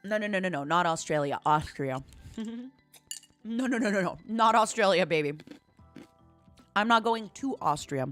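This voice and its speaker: A woman streamer chatting casually and telling stories in a playful, animated way. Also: mid-range voice, normal speed, pauses often, faint music behind. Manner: chatty, playful, animated storytelling with put-on quotes. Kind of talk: casual chat and storytelling.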